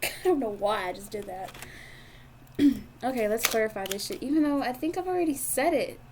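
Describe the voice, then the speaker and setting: A woman's voice: fairly high pitch, a little mellow, slight background noise. A woman doing a casual tarot reading monologue, giggly and gushing, emotional and swearing freely. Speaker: tarot card reader. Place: indoors at a table.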